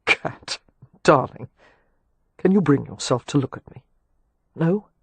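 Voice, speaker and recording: A man reading an audiobook, voicing a wry, teasing gentleman with a husky voice. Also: animated, slow, dry recording, full character voice. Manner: wry, teasing, low and intimate. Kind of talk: audiobook dialogue.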